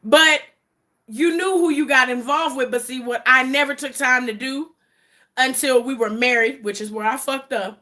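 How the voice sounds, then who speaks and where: A woman, chatting bluntly and profanely to a live-stream audience, sometimes dropping to a low, quiet voice. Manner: blunt and profane, with quoted asides; drops to a low, quiet voice in places. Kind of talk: casual live-stream chat.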